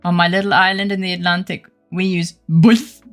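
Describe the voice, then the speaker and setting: A young woman streamer talks casually to her chat, joking and laughing often, with swearing dropped in easily. Her voice sits low and carries a lot of gravelly fry. Quiet music plays faintly underneath. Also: little pitch movement, moderate pace. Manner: giggly, playful, swears casually. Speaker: game streamer. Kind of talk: casual chat reading live chat.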